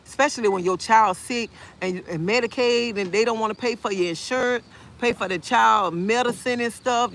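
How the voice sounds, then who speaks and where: Woman, gravelly voice, faint noise behind, outspoken, animated live-stream chat from a park. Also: on the high side, moderate pace. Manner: answers viewer comments. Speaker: livestreamer. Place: outdoor park.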